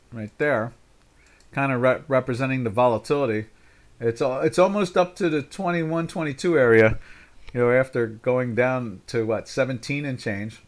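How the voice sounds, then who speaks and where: An older man from the United States hosting a live trading webinar, rambling through market commentary with lots of fillers and restarts. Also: mid-range voice. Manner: rambling, full of "you know" fillers and restarts.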